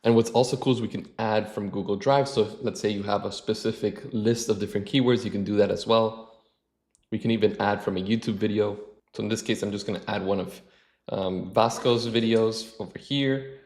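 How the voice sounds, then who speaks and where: A man hosting a casual screen-share tutorial, relaxed, restarting phrases and using filler words as he clicks through. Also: on the low side. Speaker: channel host.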